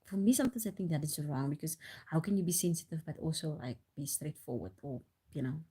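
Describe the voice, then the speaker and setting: Animated woman telling stories. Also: deep voice, fast, breathy edge. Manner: animated, rambling with restarts, laughs often. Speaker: livestreamer. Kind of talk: casual storytelling on a live stream.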